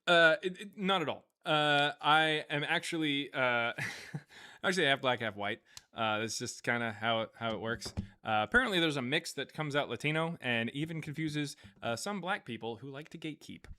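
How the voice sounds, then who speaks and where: A man's voice: on the high side, moderate pace, sharp tone, smooth. A man hosting a live stream, reading out viewer donations in a loose, rambling way, with lots of fillers and frequent chuckles. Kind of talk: casual live-stream chat.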